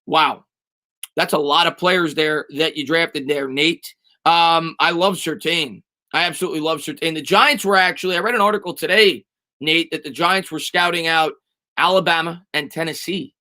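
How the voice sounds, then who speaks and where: Bright-voiced sports streamer answering chat. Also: male voice, a little high, normal speed. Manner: chatty, reads and answers chat comments. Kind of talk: live-stream chat reading.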